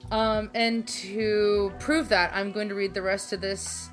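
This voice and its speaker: A woman's voice: medium pitch, level tone, a little slow, soft background music. A woman co-hosting a casual podcast, chatting in a giggly, playful, self-mocking way. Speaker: podcast co-host.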